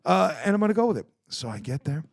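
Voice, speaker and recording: A middle-aged man hosting a podcast, telling a long story in casual chat, animated, swearing and laughing. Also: high-pitched, fast, gravelly, no echo, studio quality. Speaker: podcast host.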